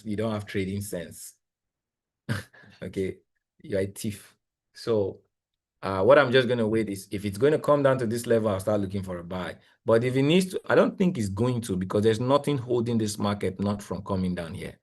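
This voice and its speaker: Excitable man coaching trading. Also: lowish voice, a little fast. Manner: excitable, exclamatory, rambling with repeats. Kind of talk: live screen-share trading analysis.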